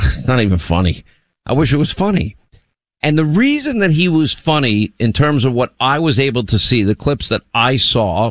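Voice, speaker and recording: A man's voice: mid-range voice, a bit bright, no echo. A man hosting a talk radio show, speaking bluntly, often repeating words as he starts a thought.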